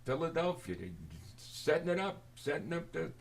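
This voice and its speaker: An older man telling a rambling personal story to his camera, halting and forgetful, with many restarts and fillers. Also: fairly high pitch, sing-song, vocal fry. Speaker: video storyteller.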